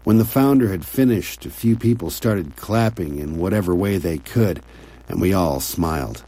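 A man narrating an audiobook story in a quiet, measured, intimate way. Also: deep voice, expressive. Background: soft music.

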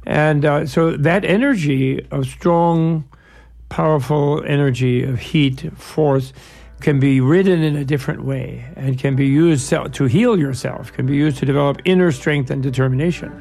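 A man's voice: on the high side, normal speed, creaky, darkish tone, soft background music. A man as an interview guest, explaining ideas in a discursive, digressive way with playful analogies. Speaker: guest, Buddhist scholar.

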